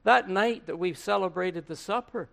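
An actor playing an aged male apostle, preaching a first-person dramatic sermon monologue in a slow, earnest way with dramatic pauses. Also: high voice, creaky, fairly bright tone. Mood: solemn. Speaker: preacher in character. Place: room with listeners.

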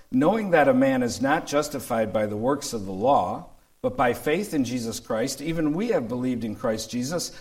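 A man's voice: medium pitch, poor audio. A male pastor preaching a sermon, emphatic, repeating his key points and reading scripture aloud.

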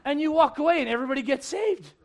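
A man's voice: very high voice, expressive, racing, gravelly. A male preacher delivering a rousing sermon to a congregation, often putting questions to them. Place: church before a congregation.

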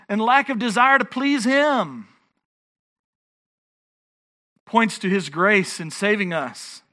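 A man's voice: high-pitched, sharp tone. A man preaching a sermon as pastor, earnest and emphatic, often restarting his phrases.

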